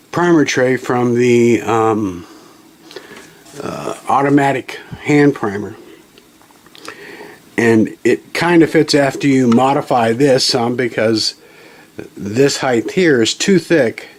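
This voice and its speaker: A man hosting a casual hands-on tutorial at his home reloading bench, talking in a folksy, rambling way with frequent self-corrections and apologetic asides, recorded on a camera mic. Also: mid-range voice. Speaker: channel host demonstrating a reloading tool. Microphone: camera mic, handheld then on tripod.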